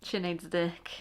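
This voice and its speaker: Excitable woman reacting out loud. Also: mid-range voice. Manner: exclaiming, gasping and laughing. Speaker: reaction video host. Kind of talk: casual reaction commentary.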